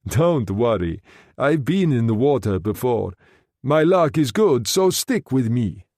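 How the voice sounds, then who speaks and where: A man's voice: medium pitch, very animated, a little slow, a little mellow, no echo, studio quality. A man voicing a bold, charming Italian man in the water, jaunty and teasing in manner. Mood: reassuring.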